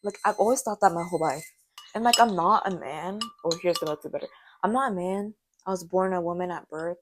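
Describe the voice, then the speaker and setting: A young woman in her late teens, with a hoarse voice that sounds deep to her, chatting in a rambling, self-mocking way while she bakes for a vlog. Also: fairly quick, slight background noise. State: hoarse from karaoke. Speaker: vlogger. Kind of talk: casual baking vlog chat.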